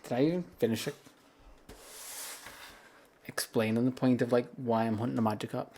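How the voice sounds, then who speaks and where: A man's voice: mid-range voice, fairly even intonation, normal speed, warm tone. A British man chatting casually on a livestream while gaming, rambling and laughing at himself often. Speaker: streamer. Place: home streaming setup.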